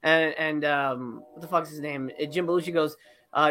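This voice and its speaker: A woman co-hosting a casual podcast reviews a movie, ranting in exasperated, profane fashion about its ending and mocking scenes in put-on voices. Her deep voice is steady and a bit bright at a moderate pace.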